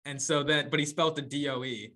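A young adult man co-hosts a podcast, chatting casually with friends as he tells stories and corny jokes, laughing often and saying "man" a lot. His voice sits on the high side with a steady tone, and he talks fast with a pushed, bright quality.

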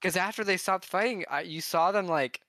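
A man's voice: sits high, a little fast, sharp tone, no echo. A man co-hosting a podcast, making joking asides about a movie. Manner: joking asides, laughs often. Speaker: podcast co-host. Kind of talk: casual movie chat.

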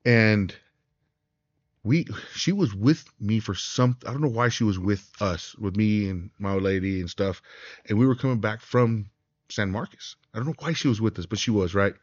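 A man co-hosting a casual podcast chat, telling an animated story with lots of "right?". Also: fairly low pitch, normal speed, no echo, muffled recording. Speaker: podcast co-host.

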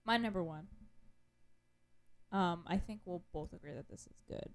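A young woman with a somewhat low voice co-hosts a casual podcast chat. She talks in a loose, chatty way, full of fillers and dry, sarcastic asides. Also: normal speed. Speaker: podcast co-host.

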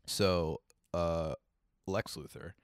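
A young man from Kentucky co-hosting a podcast in casual chat, rambling and animated, laughing often. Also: low voice, extremely slow, smooth, no room sound, clean studio sound. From Kentucky, United States. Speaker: podcast co-host.

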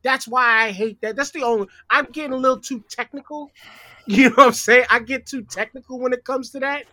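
Man, podcast guest, high voice, bright and forceful, dry close sound. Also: fairly even intonation, fairly quick, no echo. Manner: opinionated, profane, explains at length. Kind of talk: casual sports chat.

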